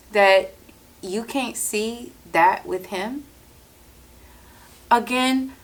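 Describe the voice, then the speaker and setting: A woman hosting a podcast, telling a story in a casual, animated monologue, acting out quotes and swearing freely, close to the mic. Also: medium pitch, breathy edge. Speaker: podcast host.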